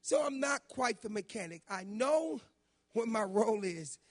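A middle-aged man preaching a sermon, telling personal stories in an animated way that climbs into shouts. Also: high-pitched, measured pace. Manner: animated storytelling, rising to shouts when quoting. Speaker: pastor.

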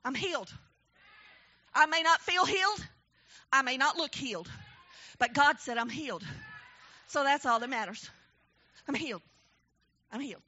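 A woman preaching a testimony sermon in a church, swinging between low storytelling and shouted, emphatic preaching. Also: normal speed, pauses often, muffled recording.

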